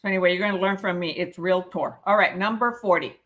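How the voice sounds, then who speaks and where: A woman's voice: medium pitch, steady tone, racing, a bit bright. A woman teaching a live real estate exam prep class, reading questions aloud and explaining the answers, often checking in with "okay?".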